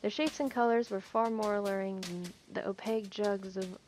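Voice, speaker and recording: A woman's voice: medium pitch, steady tone, normal speed, darkish tone, slight background noise. A young woman hosting a gaming video, reading a story game's text aloud, stumbling over words and correcting herself. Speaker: gaming channel host. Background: background music.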